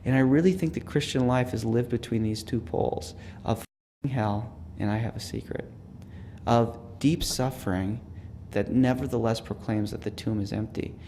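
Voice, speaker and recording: A man, a theology professor, giving a reflective teaching talk with personal stories, earnest and dropping to a hush for quoted words. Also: mid-range voice, moderate pace, slight background noise.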